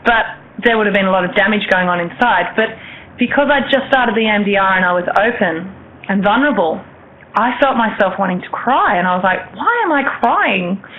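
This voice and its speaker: A woman's voice: mid-range voice, brisk. A woman in her thirties, a guest telling a personal story in a rambling way, full of restarts and fillers. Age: 30s. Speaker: interview guest. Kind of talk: personal storytelling in a talk show. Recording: tinny phone-line audio with faint hiss.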